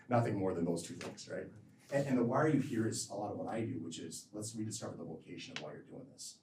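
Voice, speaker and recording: A physician answering audience questions after a lecture, talking in long, rambling stretches that stop, restart and repeat words. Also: male voice, fairly low pitch, quick pace, noisy background. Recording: echoey hall from far off.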